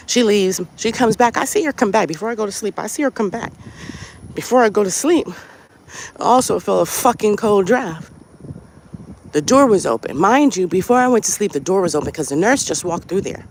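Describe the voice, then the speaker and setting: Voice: mid-range voice, moderate pace, pauses often, a little hiss or hum. A podcast host telling a story in a casual monologue, swearing freely and firing off rhetorical questions. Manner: profane, animated, rhetorical questions. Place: outdoors on a walk.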